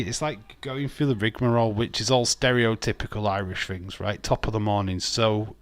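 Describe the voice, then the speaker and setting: A man's voice: fairly low pitch, fairly even intonation, normal speed, no room sound. A man chatting casually on a wrestling watch-along stream, rambling and blunt, with frequent laughs. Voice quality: rambling, blunt, repeats words, laughs often. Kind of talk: casual live-stream chat.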